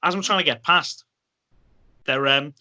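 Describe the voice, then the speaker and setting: A man spins casual anecdotes as a podcast guest. His voice is very bright and a little high for a man. He tells his stories with animation, acting out other people's lines. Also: measured pace. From Liverpool, England.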